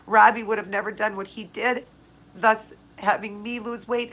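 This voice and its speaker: A woman's voice: medium pitch, steady tone, normal speed, fairly bright tone, slight background noise, low-quality recording. A woman hosting a live viewer Q&A, talking casually and tearfully, speaking straight to viewers by name. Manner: emotional, heartfelt, speaks directly to viewers by name. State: tearful, crying. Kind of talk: casual live-stream chat.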